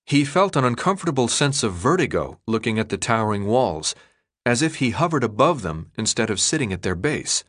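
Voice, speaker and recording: A man narrating an audiobook in an expressive, dramatic storytelling manner. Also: mid-range voice, brisk. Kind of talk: scripted narration.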